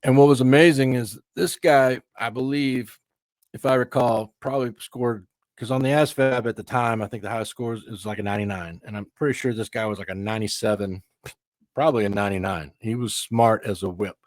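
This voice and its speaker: A man's voice: mid-range voice, fairly even intonation, fairly quick, no echo. A man with a Texan twang, guesting on a casual interview podcast. He tells stories in an easygoing, chatty way, full of little asides, in a mid-range voice. The recording sounds dry and close. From Texas. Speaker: guest, veteran and author.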